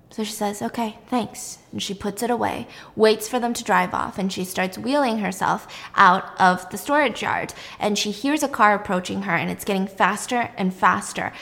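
A young woman recapping a show in a casual, animated, chatty way, acting out the drama as she goes. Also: medium pitch. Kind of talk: casual chat. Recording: long reverb.

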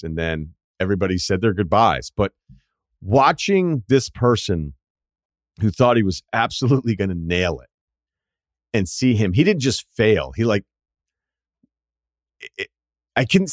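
Animated storytelling man, low dry voice. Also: dry recording. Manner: animated, swings into loud mimicking voices. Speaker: podcast host. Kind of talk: casual storytelling chat.

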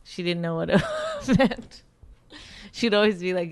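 Brief: thirties woman, gravelly fry, exasperated podcast co-host, dry close mic. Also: on the low side, no echo. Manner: exasperated, quick to snap back. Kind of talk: casual bickering chat.

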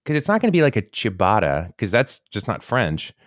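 A man co-hosting a podcast, telling stories in a rambling, animated way with many restarts. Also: fairly low pitch, a little fast, no room sound, clean studio sound. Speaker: podcast co-host. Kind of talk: casual chat.

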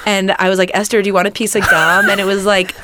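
A woman co-hosting a podcast in casual chat, talking fast and loose with lots of filler words. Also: medium pitch, little pitch movement, background noise. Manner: chatty, frequent "like" fillers. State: on crutches after an accident. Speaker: podcast co-host.

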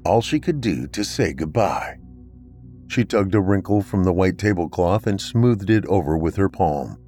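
A man narrating a scripted horror story in a measured, grave delivery. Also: low-pitched, lively intonation, mellow, soft background music. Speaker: podcast narrator.

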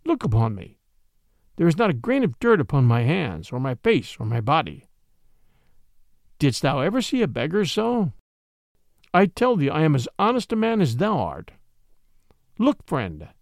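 A merry young outlaw in beggar's rags, teasing and sly, his voice lifting and dipping with playful mischief, as a male narrator voices him. The tone sits a little high with a gravelly edge, recorded close and dry. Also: wildly swooping pitch, normal speed, pauses often, no echo.

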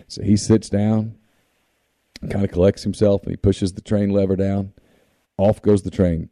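A male radio host in casual call-in chat, telling jokes with animated, loud character voices. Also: fairly low pitch, moderate pace, dry recording.

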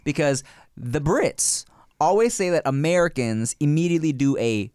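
Lively, profane male podcast host. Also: fairly high pitch, normal speed, smooth, dry recording, studio quality. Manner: animated, profane, laughs often, does voices. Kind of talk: casual chat.

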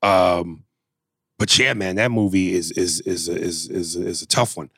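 Gravelly guy cohosting a podcast, loose and jokey, lots of swearing, dry close sound. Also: low-pitched, steady tone, measured pace, fairly bright tone, dry recording. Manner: loose, joking, swears freely. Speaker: podcast co-host. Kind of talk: casual profane chat.

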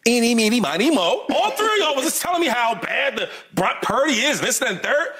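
A man's voice: very high-pitched, big pitch swings, fairly quick, sharp tone, husky. A man arguing in a heated sports debate, teasing the other panelists and repeating words as he talks. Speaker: sports debate show panelist, former player.

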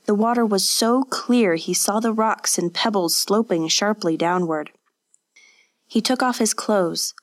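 A woman narrating a scripted story in a measured, vivid reading. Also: mid-range voice.

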